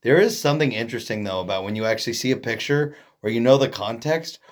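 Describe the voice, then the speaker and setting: A man's voice: medium pitch, quick pace. A man from Oregon co-hosting a podcast in casual chat, rambling and joking, often trailing off mid-sentence. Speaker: podcast co-host.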